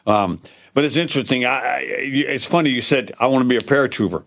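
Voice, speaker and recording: Host, male, Louisiana drawl, joking storyteller, mid-pitched. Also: quick pace, a bit bright. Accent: Southern US (Louisiana). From Louisiana, USA. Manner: humorous storyteller, acts out the people in his stories. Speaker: podcast host. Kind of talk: casual interview chat.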